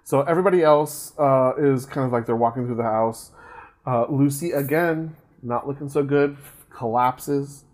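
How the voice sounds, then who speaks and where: A man's voice: mid-range voice, normal speed, darkish tone. A man co-hosting a podcast, casually recapping a horror film, rambling with frequent fillers, restarts and laughs. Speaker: podcast co-host. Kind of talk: casual movie recap chat.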